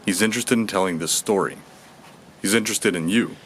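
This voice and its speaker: An actor playing a wary documentary crew member who talks in a calm, placating way. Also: male voice, on the low side, brisk, slight background noise, natural voice.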